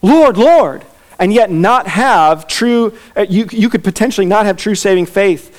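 A man's voice: high-pitched, normal speed. A man preaching an expository sermon, emphatic and repeating his key lines. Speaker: pastor.

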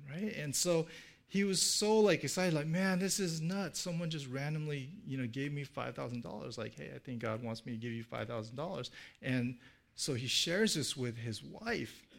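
A man's voice: mid-range voice, lively intonation, normal speed, vocal fry, fairly bright tone. A middle-aged man preaching a sermon in a casual storytelling way, full of fillers and restarts, lifting his voice for the people he quotes. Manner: acts out quoted speech in a livelier voice. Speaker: pastor.

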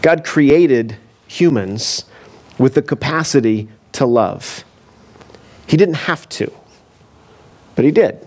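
A man's voice: mid-range voice, animated, takes it slowly, long pauses, a little mellow. A man preaching a conversational sermon as a pastor, telling the story casually with frequent asides and fillers. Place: church.

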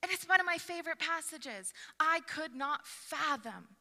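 Bright-voiced woman preaching in a reverberant church. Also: sits high, moderate pace, hardly any pauses. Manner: expressive, rising to animated emphasis. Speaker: pastor. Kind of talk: sermon. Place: church sanctuary.

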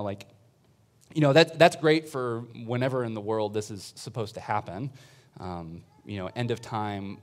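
A man's voice: fairly high pitch, a little mellow. Man preaching a chatty sermon. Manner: informal, chatty preaching with fillers and laughs. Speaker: priest and church planter. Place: church sanctuary with congregation.

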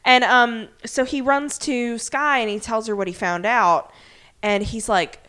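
A woman's voice: fairly high pitch, fairly even intonation, a little slow, pushed and bright, clean tone. A woman co-hosting a podcast, casually recapping a TV episode, acting out characters' lines and swearing freely. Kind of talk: casual chat.

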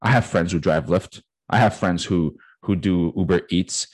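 A man's voice: sits low, normal speed, breathy edge, dry recording, low-quality recording. A man in his late thirties co-hosting a podcast, telling a story in a casual, profane way, acting out conversations and laughing often. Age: 30s. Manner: profane, animated storytelling, acting out quoted dialogue, frequent laughter. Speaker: podcast co-host. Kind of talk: casual chat.

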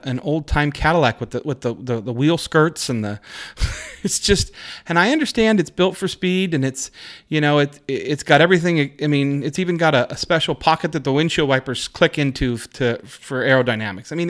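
Chatty man with a higher voice. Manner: enthusiastic, rambling with restarts. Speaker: podcast co-host. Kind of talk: casual car chat. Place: Seattle area.

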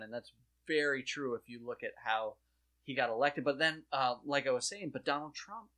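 Bright-voiced man in profane casual chat. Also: medium pitch, moderate pace. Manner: animated, profane, rambling.

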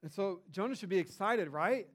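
A middle-aged man preaching a sermon as a pastor, talking in a conversational, animated way with lively emphasis. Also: high-pitched, normal speed.

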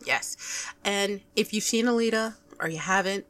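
Here a woman co-hosts a podcast at a moderate pace and medium pitch, keeping things casual. She gets excitable, telling stories animatedly and performing her own reactions.

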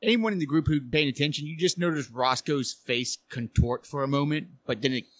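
Relaxed man narrating his character. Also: on the high side, a little fast. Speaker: player.

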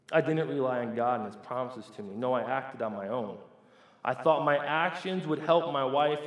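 Male pastor telling a story in a sermon, animated with many restarts, in a roomy, echoing space. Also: mid-range voice. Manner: animated, stammering restarts, swings between loud and hushed.

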